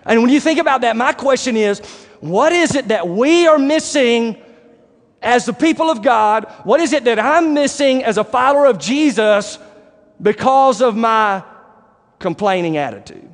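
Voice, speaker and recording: A man preaching a sermon, animated and acting out the voices of the people he describes. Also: very high-pitched, moderate pace. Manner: animated, acts out quoted voices, rising to shouts. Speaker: pastor. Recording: long hall reverb.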